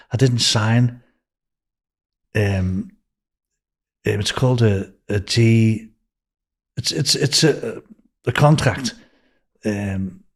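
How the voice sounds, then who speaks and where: An older man with a Liverpool accent, a podcast guest telling long anecdotes with restarts and swearing. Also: fairly low pitch. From England. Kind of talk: storytelling in a podcast interview.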